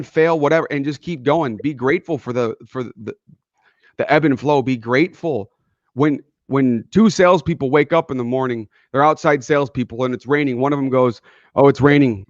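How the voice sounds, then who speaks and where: A man's voice: a little high, no echo, highs cut off. A man co-hosting a casual motivational talk show, telling earnest stories and acting out the people in them. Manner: earnest, storytelling, acts out quoted people. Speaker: podcast co-host.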